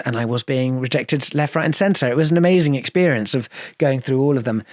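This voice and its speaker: A man's voice: medium pitch, no room sound, studio quality. A man with a posh English accent, a guest telling long stories in an interview, rambling with many restarts and fillers. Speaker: guest musician. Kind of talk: casual interview storytelling.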